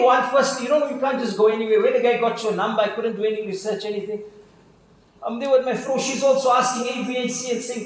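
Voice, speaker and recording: Within a heavily echoing mosque hall, a middle-aged South African imam delivers a storytelling sermon full of quoted dialogue and slang. He has a high voice, and a little hiss or hum runs under the recording.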